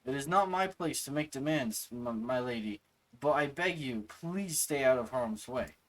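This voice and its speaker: A man's voice: medium pitch, lively intonation, normal speed, a bit bright, natural voice, low-quality recording. A man voicing a fussy, devoted court retainer in a game, speaking in a fretful, overly formal way. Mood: fretting.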